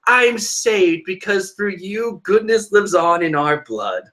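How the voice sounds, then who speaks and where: A man reading the lines of a gentle young noblewoman without trying to sound female. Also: sits high, animated, slow, pitched above the performer's own voice, exaggerated voice. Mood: tender. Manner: plain reading voice, no attempt at a female voice. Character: young woman noble, gentle, inwardly grateful.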